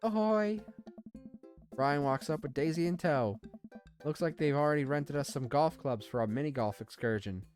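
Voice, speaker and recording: A man's voice: medium pitch, moderate pace, a little mellow, soft background music. A man playing a dating game, casually commenting and reading the lines aloud in a playful, jokey way. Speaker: let's play host.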